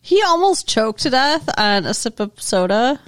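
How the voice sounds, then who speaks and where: Dry, lively-voiced woman podcast co-host. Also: a little high, a little slow. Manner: dry, sarcastic. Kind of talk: casual banter.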